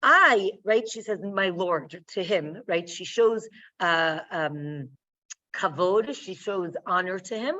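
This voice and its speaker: A woman teaching a Bible text, explaining slowly and often checking in with "right?". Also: lowish voice. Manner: slow, explaining, tags lines with "right?". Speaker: Torah teacher. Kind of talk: text-study lecture. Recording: distant, dull lo-fi recording.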